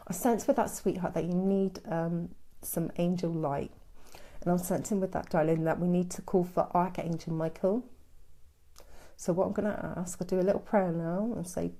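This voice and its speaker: A woman's voice: lowish voice, mellow. A woman giving casual live-stream psychic readings, soothing and chatty, calling her listeners sweetheart and darling. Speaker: psychic medium.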